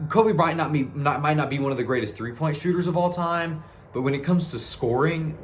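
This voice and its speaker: A man's voice: medium pitch, a little hiss or hum. A young man talking casually to camera in an earnest, rambling way, correcting himself as he goes. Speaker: sports video creator. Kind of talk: casual tribute monologue to camera.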